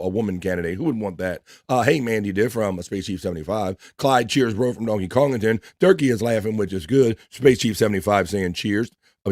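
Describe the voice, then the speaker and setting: An East Coast American man with a lowish voice hosts a laid-back livestream, reading chat messages one after another. He keeps up running shout-outs with quick greetings and crude asides in a loose, profane manner. The sound is dry and close, with no room sound around it.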